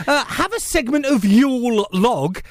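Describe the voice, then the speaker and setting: Cheeky high-voiced radio host. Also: male voice, animated, a little slow. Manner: cheeky, playful, teasing. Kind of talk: breakfast radio banter. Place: radio studio.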